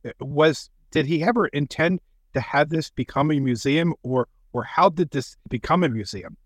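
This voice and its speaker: A man's voice: a little high, normal speed, husky, no echo. A man in his thirties hosting a radio interview, prompting his guest with short questions and murmured acknowledgments. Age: 30s. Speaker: radio host. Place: radio studio.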